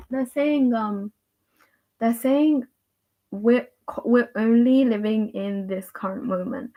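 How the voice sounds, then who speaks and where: A young woman doing a tarot reading on a livestream, talking casually and rambling with many fillers and repeated words in a gentle, reassuring way. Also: fairly high pitch.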